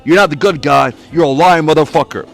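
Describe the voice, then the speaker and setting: A man ranting alone on a podcast, angry, profane and accusatory, breaking into shouted bursts. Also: fairly high pitch, a little fast, gravelly, faint music behind. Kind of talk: solo rant.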